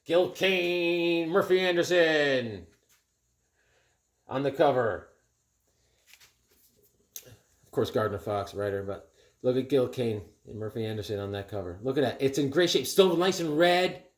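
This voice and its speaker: A middle-aged man chatting casually and excitedly at home as he shows off his flea market comic finds. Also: medium pitch, unhurried, long pauses. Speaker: comic collector vlogger. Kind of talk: casual show-and-tell vlog.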